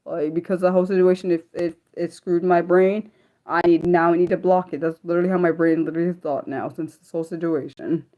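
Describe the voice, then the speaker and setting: A woman hosting an unscripted livestream, rambling with lots of fillers and sudden jumps in pitch. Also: fairly even intonation, brisk, narrow, tinny audio. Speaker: livestream host.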